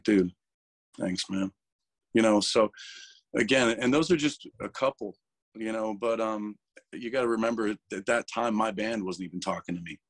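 Low-voiced man, candid and emotional. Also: no echo. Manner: emotional, swearing, restarts words. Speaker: interview guest, metal vocalist. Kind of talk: candid casual interview.

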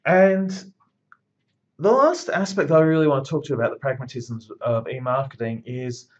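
A man's voice: mid-range voice, normal speed, muffled recording. A man giving a university lecture in a conversational, emphatic way, with blunt asides.

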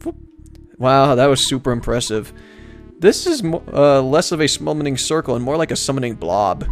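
A man's voice: medium pitch, very animated, normal speed, soft background music. A man giving casual, joking live commentary while streaming a game, rambling and swearing now and then. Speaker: let's-play streamer.

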